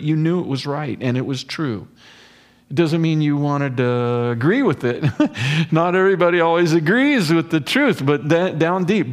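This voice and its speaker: A man with a slightly high voice preaching a sermon. He talks in an earnest, conversational way and drops folksy asides between points. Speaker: pastor. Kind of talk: expository sermon.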